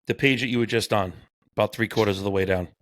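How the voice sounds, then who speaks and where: A man with a lowish voice co-hosts a casual podcast, reading passages aloud and riffing on them. He talks in an animated, profane way and trips over his words now and then. The sound is dry and close, with no room around it. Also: quick pace, no room sound. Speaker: podcast co-host.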